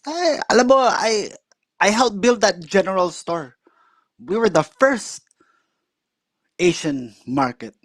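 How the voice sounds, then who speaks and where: A man's voice: high-pitched, takes it slowly, long pauses, no echo, pitched above the performer's own voice, heavily acted. A man imitating a boastful old uncle, talking in a raised, insistent voice. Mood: bragging. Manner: insistent, bragging, raised and excited. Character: boastful old Filipino uncle, proud, aggrieved.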